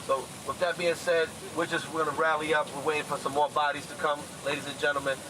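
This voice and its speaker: A man's voice: a little high, flat delivery, fast talker, poor audio. A man in his twenties giving an impassioned, urgent protest speech outdoors, repeating his points with force. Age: 20s. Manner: fervent, repetitive, urgent. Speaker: rally speaker. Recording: loud crowd and street noise.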